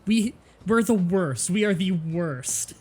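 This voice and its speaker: A woman's voice: fairly low pitch, animated, takes it slowly, breathy edge. Brash, crude woman streamer. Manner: loud, crude, laughing banter. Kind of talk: casual gameplay commentary.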